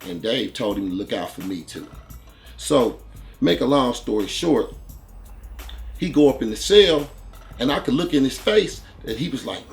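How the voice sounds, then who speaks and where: A man telling a story in a casual monologue as host, profane and animated, punching out sound words for the blows. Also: mid-range voice, normal speed, creaky, long pauses, faint music behind. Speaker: host recounting prison stories.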